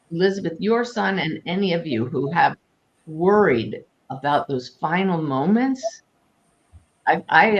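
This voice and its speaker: A woman hosting a spiritual question-and-answer talk as a medium, chatting in a lively way and laughing easily. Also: lowish voice, highs cut off. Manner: warm, animated, laughs easily. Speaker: host and medium.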